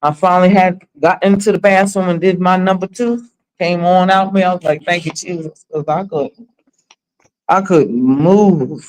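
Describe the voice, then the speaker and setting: A woman in her forties with a lowish voice hosts a livestream at normal speed over a rough recording. She chats casually, telling stories in a blunt, profane, dramatic way.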